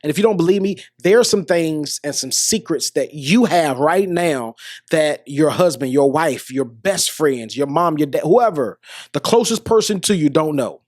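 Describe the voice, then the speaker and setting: A man's voice: a little high, expressive, moderate pace, darkish tone, dry recording, studio quality. A middle-aged man hosting a podcast, giving earnest motivational advice straight to listeners, often restarting his sentences. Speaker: podcast host. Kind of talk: motivational monologue.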